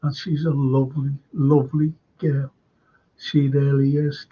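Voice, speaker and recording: Slow-talking host, dull audio. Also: male voice, mid-range voice, level tone, dark tone, husky. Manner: chatty, reads viewer comments aloud, laughs often. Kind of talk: live-stream chat reading comments.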